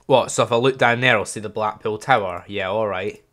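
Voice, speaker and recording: A man's voice: fairly low pitch, a little fast, a bit bright, natural voice. A man voicing a brash northern English local with an exaggerated Lancashire accent, in a mocking imitation.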